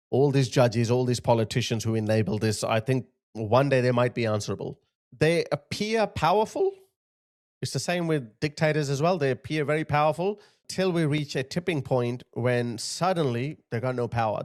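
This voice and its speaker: A man's voice: mid-range voice, darkish tone. A man hosting his channel, giving indignant political commentary over video clips and often repeating himself to point things out. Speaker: channel host.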